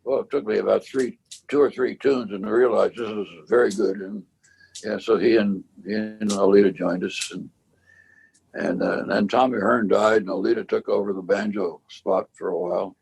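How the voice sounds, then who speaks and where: A very old man reminisces about his band in a relaxed interview. His low voice is gravelly and husky. He rambles, stops and restarts his sentences as he tells his stories. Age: 90s. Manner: rambling, halting storyteller with many restarts. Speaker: bandleader and cornet player.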